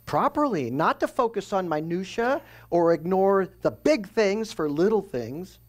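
A man's voice: high voice, expressive, unhurried. A man preaching a verse-by-verse sermon, explaining scripture in a conversational teaching tone and asking and answering his own questions. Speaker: pastor. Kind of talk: expository sermon.

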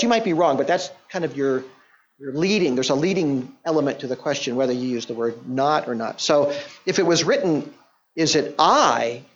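Male preacher, mid pitch, chatty explanatory sermon, muffled lo-fi recording. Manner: conversational, explanatory, with restarts and quoted voices. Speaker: pastor or Bible teacher. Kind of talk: sermon, verse-by-verse Bible teaching. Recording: dull lo-fi sound.

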